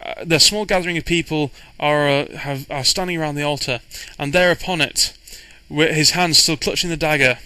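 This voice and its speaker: A man's voice: on the high side, normal speed, hardly any pauses, sharp tone, no echo, low-quality recording. A man, a game master, casually recounting his tabletop campaign in a rambling way, with frequent restarts and fillers. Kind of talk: casual storytelling recap.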